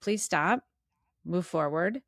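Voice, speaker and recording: A middle-aged woman chatting as a podcast guest, animated and acting out her own inner voice. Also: on the low side, takes it slowly, creaky, dry recording. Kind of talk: casual interview chat.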